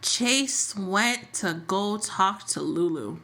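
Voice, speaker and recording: A woman co-hosting a podcast, recapping a soap opera in casual chat with sassy, animated retelling. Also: mid-range voice, takes it slowly. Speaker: podcast co-host.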